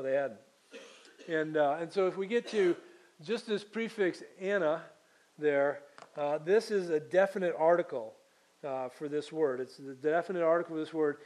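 A man delivers a sermon in a slightly higher than average voice. He reads the scripture aloud slowly and measuredly, then explains it in a teaching tone that is full of fillers and restarts. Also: a little mellow. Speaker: pastor.

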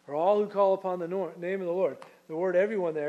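A man's voice: high-pitched, fast talker, mellow, muffled recording. A man preaching a sermon in a conversational, storytelling way, with frequent restarts and casual asides. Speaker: pastor.

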